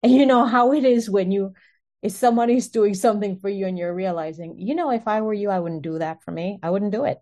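A woman's voice: mid-range voice, brisk. Woman telling an earnest personal story. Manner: earnest and animated, often breaking into short laughs. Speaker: speaker sharing a personal testimony.

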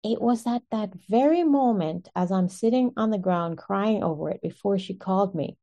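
A woman telling her own story in an earnest, animated way, often breaking into short laughs. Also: medium pitch, moderate pace. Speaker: speaker sharing a personal testimony. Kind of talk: personal storytelling.

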